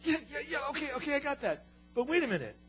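A man's voice: very high-pitched, very animated, fast talker, bright, forceful tone, muffled recording, faint music behind, voice pushed up, heavily acted. Moses, as a man plays him, fretting and protesting. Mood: whiny. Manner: whiny, protesting, pleading. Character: anxious, self-doubting Moses pleading with God.

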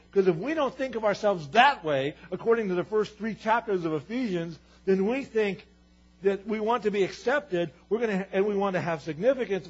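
A pastor whose voice sits high and sounds husky preaches earnestly, building to emphatic, repeated declarations. The sermon recording is dull and lo-fi.

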